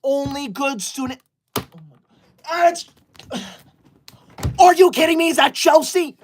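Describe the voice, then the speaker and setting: On a livestream, a woman chats with viewers in mock outrage, scolding them in a theatrical, indignant huff. Her voice sits high, and she speaks slowly with long pauses.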